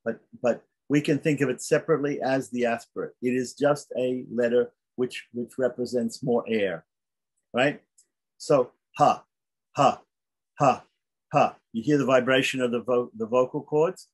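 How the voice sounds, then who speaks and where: A man teaching a beginners' Sanskrit lesson, patiently repeating each sound slowly so learners can follow. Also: mid-range voice, steady tone, slightly rough.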